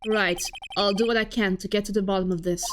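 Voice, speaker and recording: A woman's voice: mid-range voice, fairly even intonation, quick pace, background noise, voice pushed down, lightly acted. Woman reading Phoenix Wright, earnest lawyer. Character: earnest young male defense lawyer. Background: game music.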